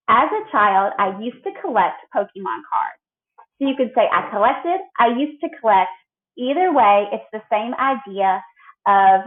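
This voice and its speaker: A woman teaching a recorded grammar lesson, explaining patiently and drilling verb forms clearly. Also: a little high. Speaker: Spanish teacher. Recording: tinny phone-like audio.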